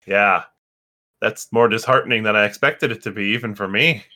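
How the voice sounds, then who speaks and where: A man's voice: lowish voice, normal speed, pushed and bright. A man voicing a small fluttering male creature who gushes and gets choked up easily. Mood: gushing.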